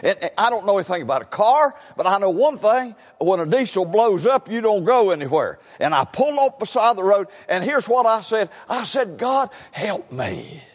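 An older man preaches a sermon in a church sanctuary, sharing his testimony in a high, expressive voice at a brisk clip with hardly any pauses. He's emphatic, repeating "listen" and stammering into phrases as he restarts. A long hall reverb fills the recording.

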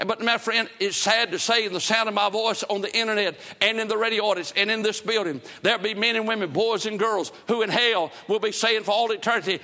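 A preacher delivers a revival sermon with fervent, emphatic bursts. His voice sits high and sounds bright and forceful. A long church reverb trails every phrase. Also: steady tone, fairly quick, few pauses. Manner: fervent, emphatic, with sudden loud cries and repeated phrases. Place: church building before a congregation.

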